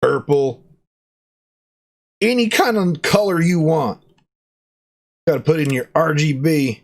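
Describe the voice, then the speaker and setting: A man's voice: slow pace, gravelly. Playful man unboxing gear. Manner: playful, jokey cowboy persona with excited pitch jumps. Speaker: product reviewer. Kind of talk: casual unboxing vlog.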